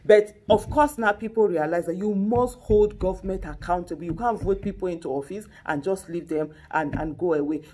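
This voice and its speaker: A woman's voice: medium pitch, a little mellow, slightly rough. A woman from Nigeria speaking as a political activist in an interview, emphatic and repetitive, with frequent restarts and mocking quotes of critics. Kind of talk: impassioned political commentary.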